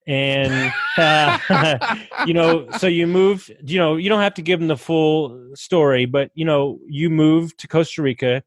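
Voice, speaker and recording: A man hosting a podcast interview, relaxed and chatty, with plenty of fillers and easy laughter. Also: on the high side, a little slow, dry recording. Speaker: podcast host. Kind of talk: casual interview chat.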